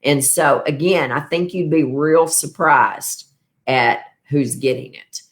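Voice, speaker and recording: A woman's voice: low-pitched, slow pace. A woman in her fifties hosting a casual livestream, rambling and tired after an illness, thanking her viewers. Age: 50s. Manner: rambling, warm toward viewers. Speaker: wellness show host.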